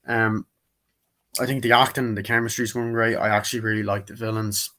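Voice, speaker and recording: A man speaks at normal speed in a fairly low, fairly bright voice with a flat delivery. He gives a loose, wandering movie review, recounting scenes and mimicking quotes in put-on voices.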